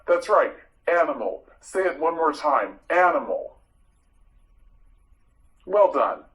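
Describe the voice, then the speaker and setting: A man teaching English vocabulary in a slow, repetitive drill, with clear, deliberate pronunciation. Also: fairly high pitch, a bit bright, rough recording.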